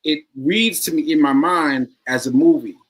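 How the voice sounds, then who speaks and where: A man's voice: on the high side, normal speed, slightly rough, low-quality recording. A man being interviewed as a guest, speaking earnestly and repeating phrases for emphasis. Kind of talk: interview conversation.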